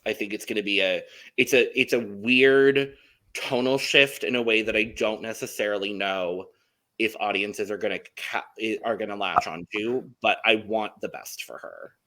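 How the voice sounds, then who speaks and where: A man in casual podcast chat who keeps the conversation moving and hands off to the others. His voice is bright and sharp. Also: on the low side, moderate pace. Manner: chatty, leads the segments. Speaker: podcast co-host.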